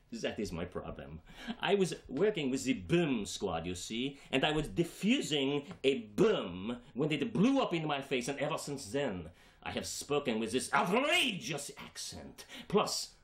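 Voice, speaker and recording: A man doing a flustered cop with an outrageous accent. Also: medium pitch. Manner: hesitant, stammering, bursts into shouting. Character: bumbling retired cop with outrageous foreign accent. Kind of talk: comedic film scene acting.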